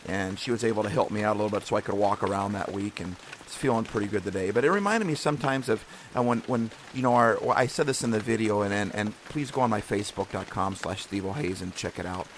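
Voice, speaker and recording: Earnest, rambling man with low voice. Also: brisk, fairly bright tone, a little hiss or hum. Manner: rambling, earnest, encouraging, with many restarts. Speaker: podcast host. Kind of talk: casual devotional talk.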